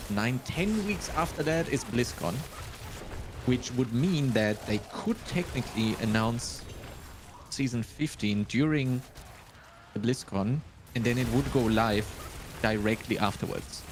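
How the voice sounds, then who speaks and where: A man with a German accent in casual live-stream chat, reasoning his way through things out loud. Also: mid-range voice, unhurried, noisy background. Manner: thinks aloud, working things out step by step. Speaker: streamer and host.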